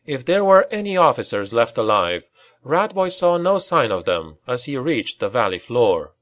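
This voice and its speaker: A man narrating a dark fantasy audiobook in a grave, dramatic storytelling manner. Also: mid-range voice, very animated, moderate pace.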